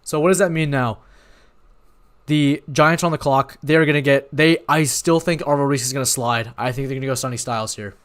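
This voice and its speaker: Young man, live-stream host, rambling, excitable, apologetic, mid-pitched voice. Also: a little fast. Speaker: watch party host. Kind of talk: live-stream reaction chat.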